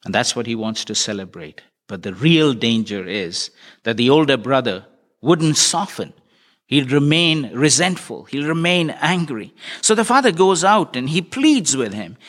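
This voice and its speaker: A male preacher in the middle of a sermon, speaking with earnest conviction and pressing his listeners with searching questions. His voice sits at an ordinary middle pitch for a man. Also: very animated, unhurried, a bit bright.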